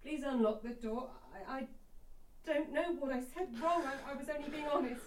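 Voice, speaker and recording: An actress playing a frightened young wife in a radio drama, stammering and pleading. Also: female voice, high voice, moderate pace, reverberant, distant mic, a little hiss or hum, close to an everyday voice.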